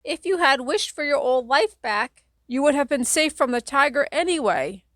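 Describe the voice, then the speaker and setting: A woman voicing a mocking parrot that squawks scornfully in a high voice. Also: animated, normal speed, a bit bright, no room sound, clean studio sound.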